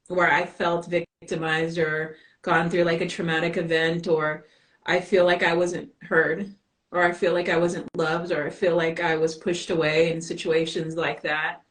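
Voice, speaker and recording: A woman guest in a casual live-stream chat, speaking calmly and reflectively. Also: deep voice, poor audio.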